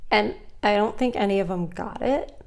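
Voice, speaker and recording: A young woman talks straight to camera in an easy, chatty vlog. She tells a personal story with animated energy and slips into quick impressions of the people in it. Her voice sits at an ordinary middle pitch. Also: creaky. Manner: animated, acts out other people's lines in the story. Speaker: vlogger. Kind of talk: casual storytelling monologue.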